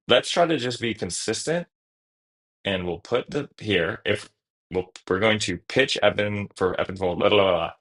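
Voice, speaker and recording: A man streaming a card game, talking through each move out loud in a casual, self-correcting way. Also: fairly low pitch, poor audio. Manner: thinks aloud through each move, casual, trailing restarts. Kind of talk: live-stream gameplay commentary.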